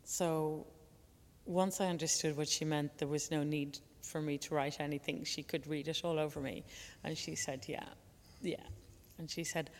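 A woman's voice: low voice, fairly even intonation. Reflective woman storyteller. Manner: reflective, slows down on key words. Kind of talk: personal storytelling talk. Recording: long hall reverb.

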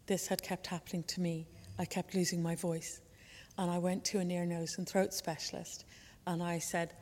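A woman telling a personal story in a reflective way, slowing down on key words. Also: lowish voice, level tone, darkish tone. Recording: long hall reverb.

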